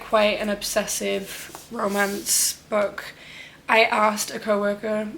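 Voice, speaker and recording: Talking through her upcoming reads, this young book vlogger rambles casually and fills her sentences with "um" and "like." Her fairly high, somewhat bright voice comes with a little hiss or hum in the recording.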